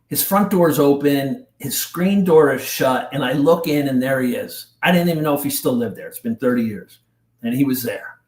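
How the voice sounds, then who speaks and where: A middle-aged man from New Jersey, a podcast guest telling a painful personal story in an intense, halting way with casual slang. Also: a little high. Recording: roomy echo.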